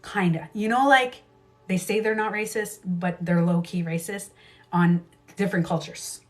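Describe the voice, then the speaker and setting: Speaking at a normal speed in a steady, mid-range voice, this woman hosts a casual livestream as a beauty coach. She's emphatic, tends to repeat herself, and curses freely, all picked up by a livestream camera mic.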